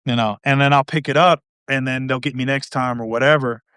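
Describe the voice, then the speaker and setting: This man hosts a podcast in a casual, rambling style, restarting his sentences often. His mid-range voice is smooth and fairly bright, a little fast and fairly even in intonation, captured in studio quality with no room sound.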